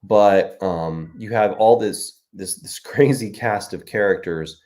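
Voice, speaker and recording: A man's voice: lowish voice, takes it slowly, a little mellow. A man, an author, hosting a casual livestream chat, joking and laughing often.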